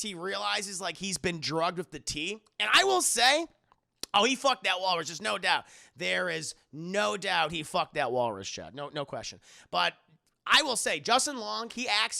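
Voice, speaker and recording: A male streamer gives a casual, profane film review to his live chat, laughing often. His high voice is bright and lively, with a gravelly edge and big swings in pitch. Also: normal speed.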